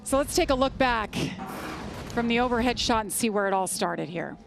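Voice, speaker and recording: A woman calling a race broadcast in an upbeat, brisk way. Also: fairly high pitch, expressive, creaky, background noise. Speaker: play-by-play announcer.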